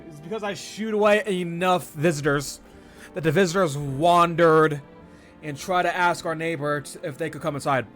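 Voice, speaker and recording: A man giving casual, animated gameplay commentary with jokey loud outbursts. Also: a little high. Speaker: gamer.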